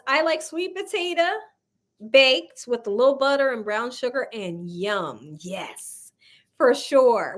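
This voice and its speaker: A high, bright-voiced woman chats on a cooking livestream. Her pitch swings widely, and she laughs often, speaking to viewers as y'all. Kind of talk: casual live chat reading viewer comments.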